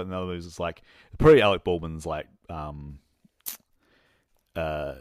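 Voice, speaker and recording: Deep-voiced man rambling through a movie recap. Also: no room sound, clean studio sound. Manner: rambling, halting storytelling with many fillers and restarts; laughs at his own jokes. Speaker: podcast co-host reviewing movies. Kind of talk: casual chat.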